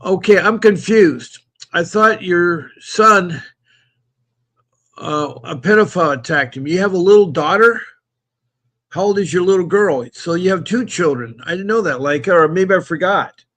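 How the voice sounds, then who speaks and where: Greeting viewers by name and reading their comments aloud, this man runs a live call-in stream. His voice is high and a bit bright, moving at normal speed, and he's chatty with plenty of repetition.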